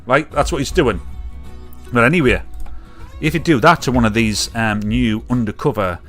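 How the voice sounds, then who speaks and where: A British man hosting a live comedy stream, ranting casually with jokes and loud mimicked honks. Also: medium pitch, moderate pace, soft background music. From United Kingdom. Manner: chatty, jokey, mimics catcallers with loud honks and whoops. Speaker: livestream comedy show host.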